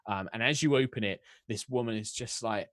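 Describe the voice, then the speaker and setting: A man's voice: on the low side, brisk, a bit bright, dry recording, studio quality. A man narrating a tabletop game as dungeon master, rambling, with many fillers and restarts.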